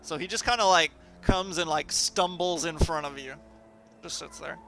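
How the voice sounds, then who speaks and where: A man narrating as dungeon master in a tabletop game over voice chat, relaxed and full of fillers. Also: on the high side, moderate pace, a crowd in the background.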